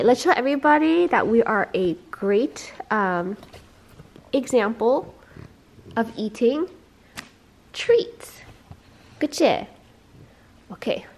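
A woman's voice: a little high, animated, slow, long pauses, darkish tone, a little hiss or hum. A young woman vlogging at home, coaxing her dog in baby talk and chatting to viewers. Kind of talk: casual vlog, talking to her dog.

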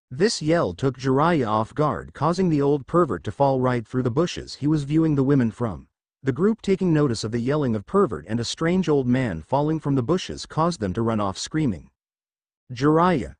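A man narrating a fan fiction audiobook in an expressive storytelling manner. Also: medium pitch, dry recording.

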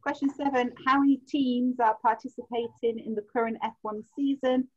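A woman's voice: on the high side, fairly even intonation, fairly quick. A woman hosting a quiz night on a video call, reading out answers in a chatty way and laughing easily. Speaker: quiz host. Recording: muffled lo-fi video call audio.

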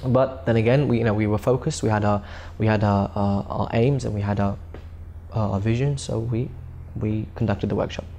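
A man's voice: fairly low pitch, fairly even intonation, normal speed, gravelly, warm tone, slight background noise. A man recounting his recitation tour in a documentary interview, earnest and often repeating and restarting words.

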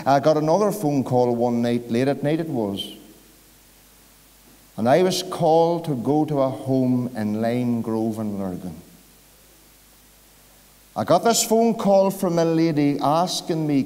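A man's voice: mid-range voice, lively intonation, a little slow, warm tone. A man with a Northern Irish accent preaching an evangelistic sermon, telling a story and rising to emphatic peaks. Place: large church hall. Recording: church hall reverb.

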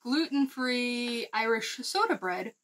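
A chatty American woman co-hosting a casual snack-tasting vlog. Her voice sits a little high, and she tells stories with quick asides. She laughs often as she talks. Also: expressive, a bit bright, poor audio. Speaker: vlog co-host.

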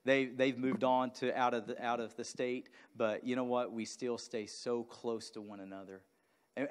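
In a church sanctuary, a male pastor with a mid-range voice preaches a sermon, moving from a quiet personal story into loud, fervent exhortation to the congregation.

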